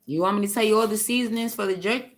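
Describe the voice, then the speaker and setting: A woman's voice: mid-range voice, rapid-fire. A woman with a New York accent chatting on a panel, blunt and profane, laughing often. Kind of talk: casual panel chat.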